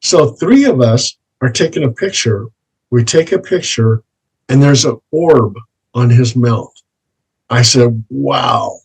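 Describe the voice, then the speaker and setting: Husky male paranormal investigator, unhurried anecdotal delivery in an interview. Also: mid-range voice, a little mellow, low-quality recording. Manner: slow, plain anecdotal telling, repeats set phrases. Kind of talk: interview storytelling.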